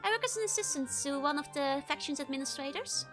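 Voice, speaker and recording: A woman's voice: high-pitched, lively intonation, fast, over music. A woman voicing a handsome, hot-tempered young nobleman who speaks in archaic, courtly thee-and-thou phrasing. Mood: earnest, courtly.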